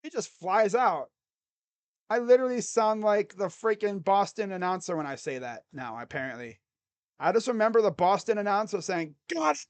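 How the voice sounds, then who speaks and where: A man giving casual live play-by-play reaction to a basketball game, jumping between loud excited calls and low muttered grumbling as a rambling fan. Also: brisk. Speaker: sports YouTuber doing live play-by-play.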